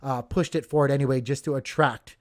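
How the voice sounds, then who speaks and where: A man's voice: medium pitch, fairly even intonation, a little fast, darkish tone. A man hosting a crypto channel, giving casual market commentary with lots of fillers and talking straight to viewers as you guys.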